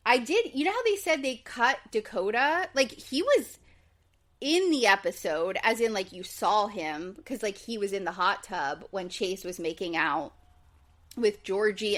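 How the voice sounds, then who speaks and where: A woman co-hosting a podcast, recapping a reality show in a casual, chatty way with lots of fillers. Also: medium pitch. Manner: chatty, quotes people in lively voices, says like and um a lot. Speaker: podcast co-host.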